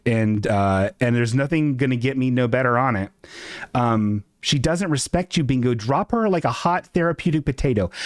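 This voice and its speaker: A man hosting a live stream from his apartment, ranting in a casual, self-mocking way and jumping into squeaky voices for quotes. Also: no room sound. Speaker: streamer host.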